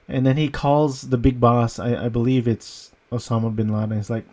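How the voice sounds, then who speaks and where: A man's voice: mid-range voice, level tone, fairly quick, hardly any pauses, a little mellow. A man giving a casual, rambling movie review, amused and often breaking into laughter. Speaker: film reviewer.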